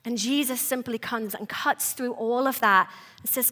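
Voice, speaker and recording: A woman's voice: a little high, steady tone, moderate pace, pushed and bright. A woman in her thirties preaching a sermon at a church service in an earnest, emphatic, conversational way.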